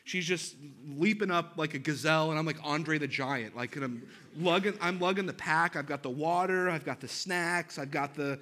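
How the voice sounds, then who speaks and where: A man in his thirties, a pastor, preaching with a lively personal story and self-deprecating humor. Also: fairly high pitch, moderate pace, hardly any pauses.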